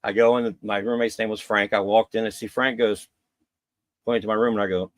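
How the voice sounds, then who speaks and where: Man, middle-aged, lowish voice, dry close sound, candid rambling storytelling. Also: little pitch movement, a little fast, no echo. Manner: candid, rambling, acts out quotes with raised pitch. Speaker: podcast guest. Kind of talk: personal storytelling on a podcast.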